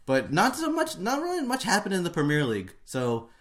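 A man's voice: high voice, wildly swooping pitch, brisk, fairly bright tone. A man hosting a casual football podcast, talking in an easygoing way with fillers and restarts. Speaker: podcast host. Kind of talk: casual sports chat.

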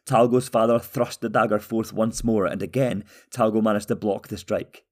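Low-voiced man narrating a fantasy tale. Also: moderate pace, few pauses. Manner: steady, even storytelling. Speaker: audiobook narrator.

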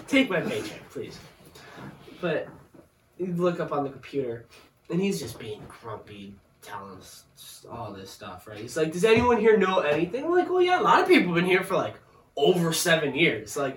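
A man in casual chat, telling an animated story about work, acting out quotes and laughing often. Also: on the high side, normal speed. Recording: roomy echo, far from the mic, faint noise.

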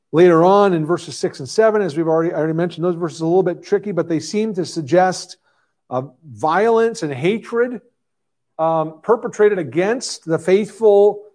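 High-voiced man preaching a sermon. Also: a little mellow. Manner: earnest, conversational with frequent restarts. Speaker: pastor. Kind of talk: expository sermon.

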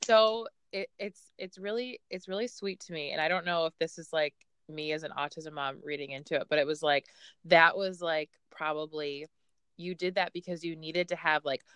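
A woman's voice: sits low, steady tone, moderate pace, fairly bright tone, clear, resonant tone, no echo. A woman host and autism mom responding in a casual interview, reacting readily and laughing often.

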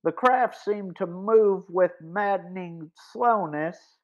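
A man narrating a boys' mystery audiobook in a measured, deliberate reading. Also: high-pitched. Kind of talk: scripted story narration. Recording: dull lo-fi recording.

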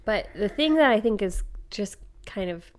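Relaxed chatty woman podcast host. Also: mid-range voice, normal speed. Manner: relaxed, chatty, many "like" fillers. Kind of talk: casual chat.

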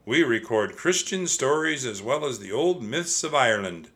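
A man's voice: mid-range voice, animated, normal speed, a bit bright, pitched above the performer's own voice, lightly acted. A man voicing a kindly, formal monk showing visitors around, raised a little above his own voice. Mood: welcoming. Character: kindly adult male monk guide.

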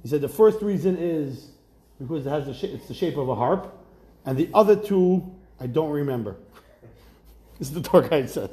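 Animated high-voiced rabbi teaching Talmud. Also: male voice, normal speed, long pauses, echoey room. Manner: lively, questioning, mixes Hebrew-Aramaic terms into English. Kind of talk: Talmud class lecture.

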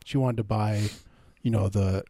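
A man co-hosting a radio show, chatting casually with dry humor and lots of halting restarts. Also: fairly low pitch, steady tone, mellow, dry recording. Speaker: co-host. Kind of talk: casual comedic radio chat.

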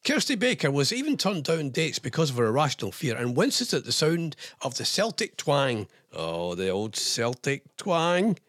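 A man's voice: fairly high pitch, very animated, normal speed, hardly any pauses, a bit bright, no echo, clean studio sound. A man with a Scottish accent hosting a radio show, reading quirky news stories and adding wry joking asides in a chatty way.

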